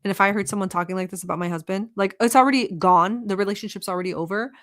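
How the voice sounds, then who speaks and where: A woman from the Middle East hosts a reaction channel, calling out what she sees in clips in a blunt, profane, animated way. Her voice sits at an ordinary middle pitch, and her sarcasm comes through clearly. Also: rapid-fire.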